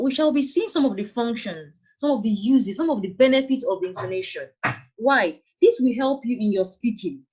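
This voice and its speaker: A woman's voice: on the high side, darkish tone, husky. A woman with a Nigerian accent teaching an online English lesson, patient and repeating her points. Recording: dull lo-fi online class audio.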